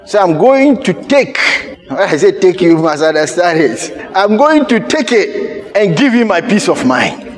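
A man preaching a sermon, shifting between rapid asides, sudden shouts and slow, drawn-out emphasis on key words. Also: high voice, very animated.

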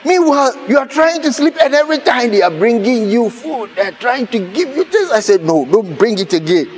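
A man preaching a sermon in a church, telling a personal story with laughter and sudden shouts. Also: extremely high pitch, fairly quick, crowd noise. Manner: animated, laughing, bursts of shouting. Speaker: pastor.

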